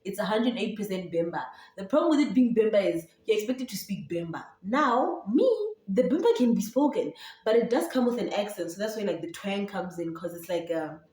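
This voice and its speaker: A woman's voice: medium pitch, animated, a little fast, a little mellow. A young woman from Zambia with a Setswana-tinged accent, chatting casually in a sit-down vlog as a YouTuber and podcaster, rambling with many fillers and restarts. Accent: Setswana-tinged English. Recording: roomy echo, voice from a distance.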